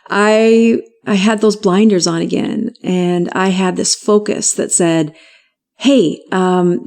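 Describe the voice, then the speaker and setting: A middle-aged woman physician telling her story in an interview, animated and laughing often as she acts out what people said. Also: on the low side. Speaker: physician guest.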